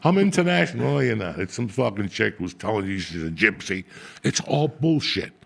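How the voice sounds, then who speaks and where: Gravelly, husky man telling profane stories. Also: lowish voice, expressive, moderate pace. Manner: profane, rambling street-style storytelling. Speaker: podcast host. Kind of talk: casual storytelling chat.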